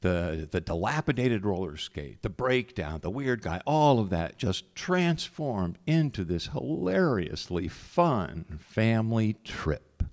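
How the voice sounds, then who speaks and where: A man with a low voice recounting a personal story. His intonation rises and falls a lot, and he talks in a relaxed, conversational way. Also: slow pace, few pauses. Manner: conversational, animated.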